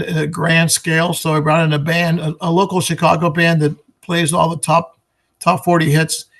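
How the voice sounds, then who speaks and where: This is a man with a slightly raised voice, chatting as an interview guest about the event he organizes. He sounds eager and upbeat, pitching it hard and often restarting mid-sentence as the ideas tumble out. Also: fairly bright tone. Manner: enthusiastic, promotional, frequent restarts. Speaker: guest, pinball expo organizer. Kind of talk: casual interview chat.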